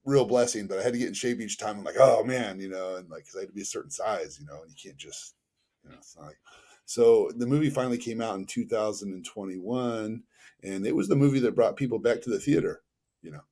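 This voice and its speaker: A man from the Los Angeles area, a podcast guest telling stories in a casual, animated way, acting out quoted dialogue and using lots of fillers. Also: lowish voice. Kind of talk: casual storytelling.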